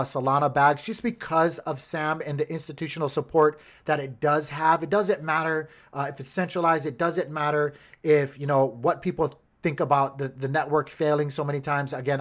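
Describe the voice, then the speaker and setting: A man's voice: a little high, fairly bright tone. Chatty man hosting a livestream. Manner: rambling, talks to chat, mutters to himself when tech fails. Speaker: crypto livestream host. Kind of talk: casual livestream chart talk.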